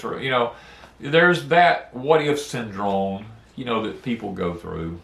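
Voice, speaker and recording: A man's voice: mid-range voice, unhurried, fairly bright tone, roomy sound. A middle-aged man talking earnestly about grief, rambling and repeating words in a folksy way. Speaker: homestead channel host. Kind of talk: casual heartfelt talk on grief. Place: porch outdoors.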